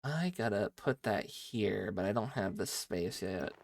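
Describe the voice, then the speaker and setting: A man's voice: on the low side, animated, a little slow, gravelly. A young man streaming a game, chatting playfully with his viewers as he plays, on a headset mic. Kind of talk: casual live game-stream chat with viewers.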